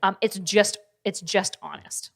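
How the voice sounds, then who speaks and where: A woman streamer giving casual, animated commentary, arguing her points in fast bursts. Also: medium pitch, vocal fry. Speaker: streamer reacting to videos.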